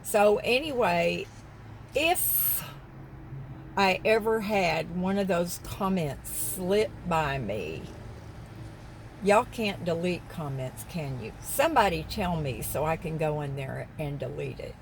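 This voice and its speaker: A woman's voice: fairly low pitch, animated, takes it slowly, a little hiss or hum, poor audio. A woman vlogger rambling casually from her parked car and getting sidetracked mid-story. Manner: chatty, wandering, easily sidetracked. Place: parked car in a parking lot.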